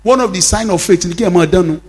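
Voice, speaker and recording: A man with a Nigerian accent preaching a sermon in a high voice. He acts out the Bible dialogue as he tells it and calls out to the congregation for responses. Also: racing, darkish tone. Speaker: pastor.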